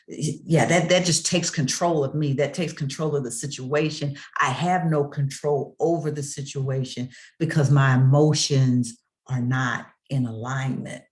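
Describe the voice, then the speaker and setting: An emphatic motivational speaker who delivers the talk like a sermon. The voice sits in a middle pitch and builds through rhythmic, repeated refrains, with rhetorical calls out to the audience. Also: steady tone, measured pace.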